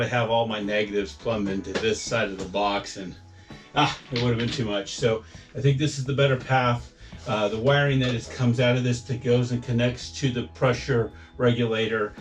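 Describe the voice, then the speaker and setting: A man narrating a home how-to project as he works, casual and rambling with lots of fillers. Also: medium pitch. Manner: rambling, filler-heavy, thinking aloud. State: a bit out of breath at times. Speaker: DIY homeowner vlogger.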